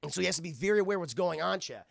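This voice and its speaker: A man recapping a cartoon episode to his live chat, excitable and heavily profane. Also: high voice, rapid-fire, creaky, no room sound, clean studio sound. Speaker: streamer and cartoon reviewer.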